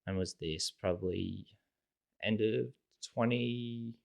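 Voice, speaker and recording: Twenties Australian guy, deep low register, laid-back rambling storyteller, lots of "like" fillers. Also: takes it slowly, vocal fry. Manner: rambling, heavy use of "like" and "sort of" fillers. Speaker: guest. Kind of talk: casual conversational storytelling.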